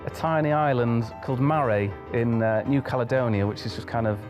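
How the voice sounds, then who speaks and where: A man's voice: medium pitch, normal speed, over music. A young man, a pianist being interviewed, chatting through a travel story and acting out the dialogue in it.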